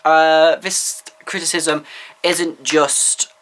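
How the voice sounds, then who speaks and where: A man's voice: on the high side, steady tone, drawn-out words, a bit bright. Man, vlogger, casual opinion vlog, rambling, candid, opinionated.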